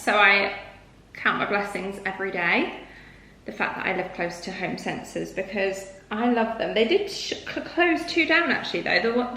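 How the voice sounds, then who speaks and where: A woman's voice: medium pitch, bright, forceful tone, roomy sound, a little hiss or hum, poor audio. A woman chatting casually to camera as a lifestyle vlogger, laughing at herself now and then.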